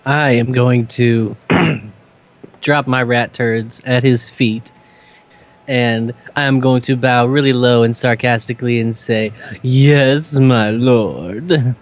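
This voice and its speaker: A man playing a tabletop game who declares his moves between giggles. His voice is middle-pitched and ordinary. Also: steady tone, slow. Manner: giggly, declares actions with laughter. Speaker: player. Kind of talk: tabletop play.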